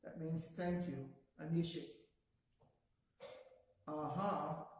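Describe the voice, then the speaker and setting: A man teaching a language class, pronouncing each word slowly and patiently so the class can repeat it back. His voice sits a little high for a man. The room around him is strongly echoey. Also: fairly even intonation, a little hiss or hum. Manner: slow and patient, says words for the class to repeat. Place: classroom, also streamed to a video call.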